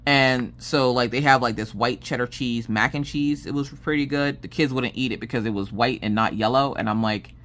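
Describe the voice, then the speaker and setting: A woman's voice: rumbling low, moderate pace, hardly any pauses. A woman vlogger chatting casually about her day while working on a diamond painting craft. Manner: animated, lively storytelling with acted quotes and laughs.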